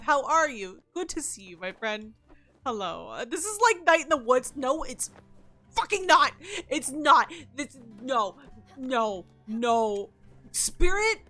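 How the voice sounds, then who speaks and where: Bright high-voiced woman streaming games. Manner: profane, exasperated outbursts; thanks and greets chat members. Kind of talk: casual live-stream gaming chat. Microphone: headset.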